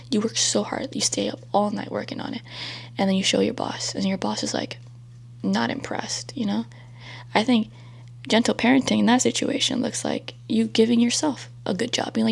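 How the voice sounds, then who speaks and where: A young woman vlogger talking through self-help ideas in a soft, half-whispered, reassuring way, rambling loosely with lots of fillers. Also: a little high, a little fast, creaky, breathy edge. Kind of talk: casual self-help chat.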